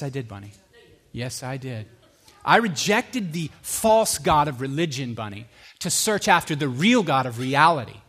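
A man giving an earnest personal testimony, animated at times and dropping low and quiet for emphasis. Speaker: speaker sharing his faith story.

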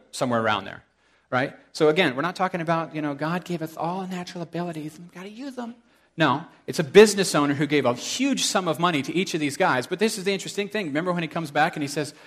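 Man preaching, casual storyteller, asides to the crowd, slightly high voice. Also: creaky. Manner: conversational, animated storytelling with asides to the congregation. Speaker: pastor. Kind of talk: sermon.

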